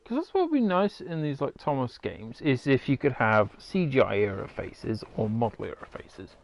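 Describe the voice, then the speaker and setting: A man's voice: medium pitch, sing-song, normal speed, creaky, no room sound. A man giving rambling, casual commentary while playing a game, swearing now and then. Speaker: gamer.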